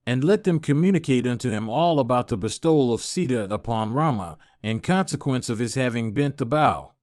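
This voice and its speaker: A man's voice: medium pitch, expressive, fairly quick, darkish tone, no room sound, studio quality, close to an everyday voice. A man voicing a courtly, grateful king in formal, archaic speech within an audiobook. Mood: courteous.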